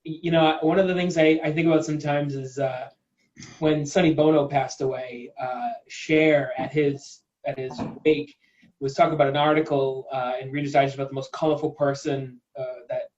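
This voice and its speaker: A man's voice: fairly high pitch, fairly even intonation, normal speed, a little mellow, muffled recording. A man, a comedian, chatting casually on a video call, full of "like" and "uh" fillers.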